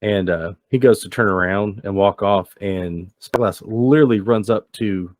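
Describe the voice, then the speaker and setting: Low-voiced man narrating a tabletop game. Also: normal speed, no echo. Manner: relaxed, descriptive, loose with fillers. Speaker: game master.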